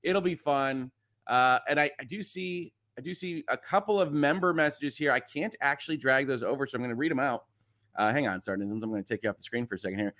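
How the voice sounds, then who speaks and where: A man's voice: medium pitch, quick pace, a bit bright. A man hosting a casual morning livestream, reading viewers' chat messages aloud and chatting back with frequent filler words. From Midwest US. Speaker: livestream host. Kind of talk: casual live-stream chat.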